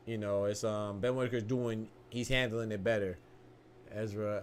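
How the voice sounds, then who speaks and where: A young man with a voice on the low side excitedly calls a boxing match in slangy, casual commentary, frequently restarting sentences and laughing. There's a little hiss or hum in the recording.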